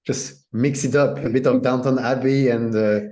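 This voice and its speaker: A man, a guest teacher in a casual chat, relaxed and hedging with many "you know"s. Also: medium pitch, normal speed.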